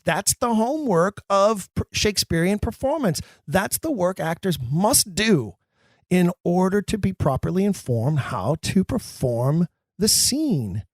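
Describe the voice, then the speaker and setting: This man's voice is high-pitched, captured in studio quality with no room sound. He hosts a podcast, walking actors through Shakespeare's verse with emphasis and slipping in dry jokes at his own expense.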